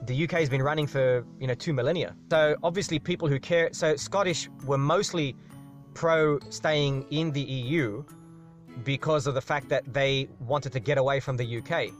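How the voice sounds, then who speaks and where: A man's voice: medium pitch, moderate pace, faint music behind. A man hosting a live question-and-answer stream, rambling through an explanation and tagging "right?" onto his sentences. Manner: rambling, repeats "right?" as a tag, restarts words. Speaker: live Q&A host. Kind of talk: casual explanatory monologue.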